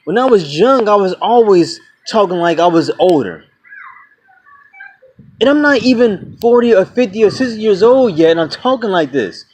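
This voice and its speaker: A man in his twenties, with a high, slightly mellow voice and lively intonation, rants to camera at a normal pace in a casual vlog. He swears without restraint and keeps saying "y'all" and "man" to his viewers.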